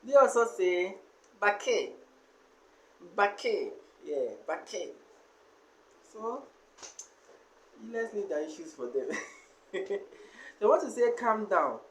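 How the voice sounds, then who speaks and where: A man teaching a language lesson, slowly sounding out and repeating each syllable and word. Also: high voice, lively intonation, fairly bright tone, a little hiss or hum. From Ghana. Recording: echoey room.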